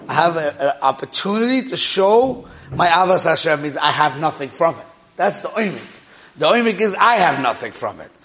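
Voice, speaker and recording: A man teaching a Torah class in a lively lecturing manner, mixing Hebrew and Yiddish terms into his English and often checking in with his listeners. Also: a little high. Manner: animated, with frequent rhetorical check-ins.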